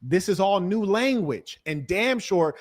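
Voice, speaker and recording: Man, combative debater, high-pitched voice, mocking tone. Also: animated, a little slow. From California-educated; black American. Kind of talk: debate on a livestream.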